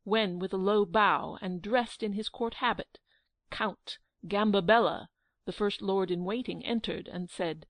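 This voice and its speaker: A woman narrating a children's audiobook in a lively storytelling manner. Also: medium pitch, a little slow, dry recording. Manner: lively storytelling, acting out the quotes.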